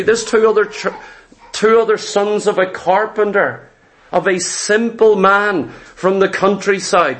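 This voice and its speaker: A male preacher delivering a sermon, emphatic and rhythmic, with repeated phrases. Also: high-pitched.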